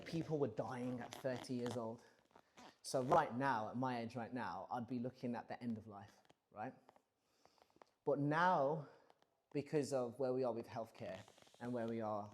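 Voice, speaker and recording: A man's voice: mid-range voice, darkish tone, slight background noise. A man in his thirties musing casually and profanely on a livestream, rambling through big questions. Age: 30s. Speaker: streamer.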